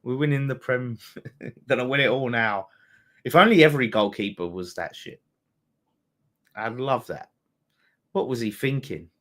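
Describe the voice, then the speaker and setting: Bloke doing live footy watchalong, swears a lot, excitable, chats to chat, middle of the road pitch. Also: male voice, a little slow, long pauses. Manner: excitable, swearing, banter with viewers. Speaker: fan channel host. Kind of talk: live match watchalong commentary.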